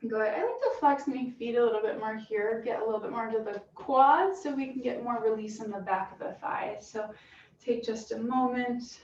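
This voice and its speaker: A woman fitness instructor calmly cueing a stretching class with encouraging guidance. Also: a little high, moderate pace. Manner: calm, encouraging cueing with soft breathy asides. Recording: roomy, distant, dull sound with faint hiss.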